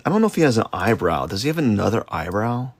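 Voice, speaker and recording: A man with a low, gravelly voice talks loosely as he draws on a livestream. He wanders off topic, pokes fun at himself and restarts his sentences often. The sound is close and dry, with no room around it. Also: no echo. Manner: rambling and self-deprecating, with many fillers and restarts. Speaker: artist streaming a live drawing session. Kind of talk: casual rambling chat while sketching.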